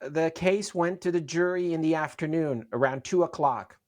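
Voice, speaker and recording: Interview guest: middle-aged man, earnest, halting repetitions. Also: fairly high pitch, a little mellow. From Syria. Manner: earnest, repeats and restarts words. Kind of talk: interview storytelling.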